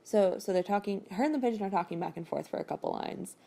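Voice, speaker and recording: Speaking quickly in an expressive, medium-pitched voice, this woman has a warm tone and vocal fry. She's a podcast host giving a casual, rambling recap of a novel, peppered with fillers and laughter.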